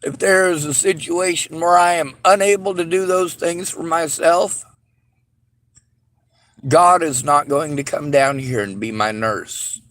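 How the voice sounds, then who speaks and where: Bitter man ranting on camera, higher-pitched voice, lots of swearing. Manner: bitter, heavy swearing, rising to shouts. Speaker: vlogger. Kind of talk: angry monologue to camera.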